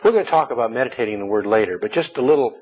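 A man's voice: mid-range voice, animated, racing, a little mellow, breathy edge. A man preaching a sermon to his congregation, telling personal stories in a folksy way with repeated words. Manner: folksy, storytelling preaching with repetitions. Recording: dull lo-fi recording.

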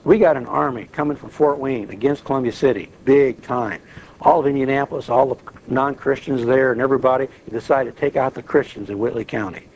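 A man leading an informal Bible study, lively and acting out prayers as he talks. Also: medium pitch, fairly quick, highs cut off, a little hiss or hum. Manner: animated, acts out prayers and quotes.

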